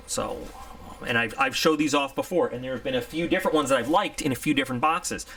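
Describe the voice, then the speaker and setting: A man talks through an unboxing in a loose, conversational way. His voice has a bright, forward edge, and he wanders off topic with easy candor. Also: mid-range voice, fast talker. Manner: chatty, rambling, candid. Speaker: product reviewer. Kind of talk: casual unboxing review.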